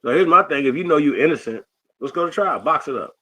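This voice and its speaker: A man with a bright, forceful voice jumps into the conversation with short, blunt takes. His talk is loose and full of slang, the way a casual online panelist speaks. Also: a little high, expressive. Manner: quick interjections and blunt opinions in slang.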